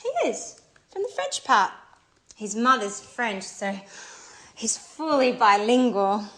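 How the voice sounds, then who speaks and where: A woman's voice: a little high, very animated, takes it slowly, sharp tone, full character voice. An actress playing an eager, flustered young woman in love in a scripted language-course drama. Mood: cheerful.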